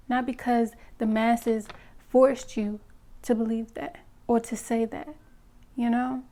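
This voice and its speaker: A woman's voice: a little high, level tone, slow pace, warm tone. A woman giving frank relationship advice straight to her viewers, emphatic and direct, often checking in with "okay?" and "you know?". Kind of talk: direct-to-camera opinion talk.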